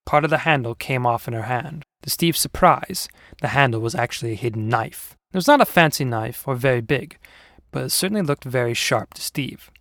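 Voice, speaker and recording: A man narrating a fantasy audio story in a steady, measured storytelling manner as the show's host. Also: medium pitch, no room sound, studio quality.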